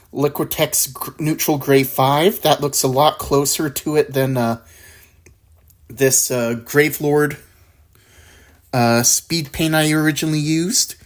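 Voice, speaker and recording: A woman hosting a casual miniature painting tutorial, laid-back and thinking aloud, with frequent chuckles. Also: a bass voice. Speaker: miniature painting channel host.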